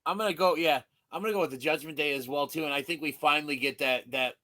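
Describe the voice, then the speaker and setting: A man's voice: on the high side, pushed and bright. A man co-hosting a casual wrestling podcast, teasing the others. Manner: teasing, quick to rib others. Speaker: podcast co-host.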